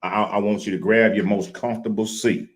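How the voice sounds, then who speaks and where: A Louisiana man with a Southern accent hosts a livestream show in a folksy, easygoing way, wearing headphones with a mic. His voice is lowish and flat, a little fast, and the recording is rough. He hypes the intro with loud, sing-song shouts.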